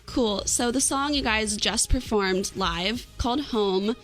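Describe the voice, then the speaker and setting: A woman's voice: fairly high pitch, a little slow, a bit bright, soft background music. A young woman hosting a casual interview, upbeat and gushing over her guests' answers. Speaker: student interviewer, host.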